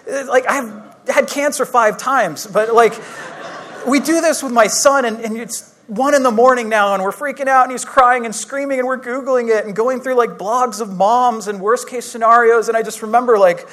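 A young adult man with a high-pitched, fairly bright voice preaches as a youth pastor. His sermon is a personal story told in a casual, chatty, self-deprecating style, full of restarts.

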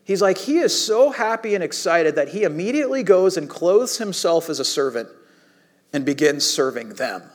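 A man with a high voice preaching a sermon. He talks casually and conversationally, breaking into animated asides as he explains the passage. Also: normal speed. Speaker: pastor.

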